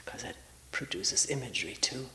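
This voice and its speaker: A woman in her sixties giving a reflective spiritual talk as a meditation retreat teacher. She talks slowly and searchingly, with long pauses and often drops into a half-whisper. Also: very deep voice, big pitch swings, gravelly, bright, forceful tone, low-quality recording.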